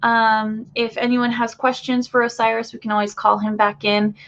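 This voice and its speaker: Lady chatting on a live stream, kinda high voice, lots of ums, muffled lo-fi sound. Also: level tone, moderate pace, a bit bright. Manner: chatty, loose, many fillers. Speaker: spiritual channeler hosting a live stream. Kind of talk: casual live-stream talk to viewers. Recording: dull lo-fi stream audio.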